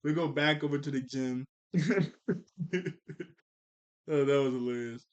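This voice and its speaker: A man's voice: on the high side, slow pace, highs cut off. A man casually recapping a cartoon episode scene by scene, laughing often as he goes. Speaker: cartoon reviewer.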